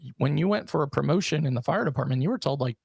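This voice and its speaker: Gravelly man hosting a casual chat. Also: on the high side, animated, racing, darkish tone, no echo. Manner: affirming, swears casually. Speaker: podcast host. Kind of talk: casual conversation.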